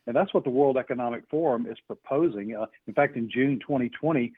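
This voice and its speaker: A man's voice: mid-range voice, fast, breathy edge, no echo. A man being interviewed as an author, talking earnestly with many fillers and restarts. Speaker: author guest. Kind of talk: interview on a phone line. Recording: tinny phone line.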